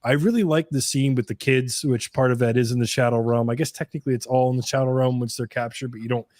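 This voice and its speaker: A man co-hosting a live stream movie discussion, speaking in an easygoing, halting way with restarts. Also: medium pitch, fairly even intonation, darkish tone, no echo, studio quality. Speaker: podcast co-host.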